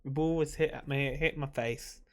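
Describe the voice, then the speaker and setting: A man's voice: medium pitch, steady tone, a little fast. A man talking to camera in a casual, rambling vlog, emotional and swearing freely while he drinks. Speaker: vlogger.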